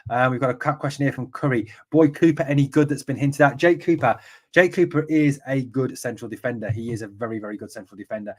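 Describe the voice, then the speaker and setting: A man's voice: mid-range voice, fast. An English man hosting a live football podcast, reading out viewer comments and answering them in a chatty way with many ums. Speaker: podcast host.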